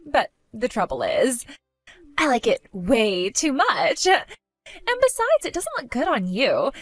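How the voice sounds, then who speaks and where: A woman's voice: high-pitched, big pitch swings, slow pace, fairly bright tone, no room sound, studio quality, soft background music, full character voice. A woman voicing a spoiled, bratty young woman who taunts her older sister in a mocking, sing-song way. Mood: gloating. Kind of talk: animated story voice acting.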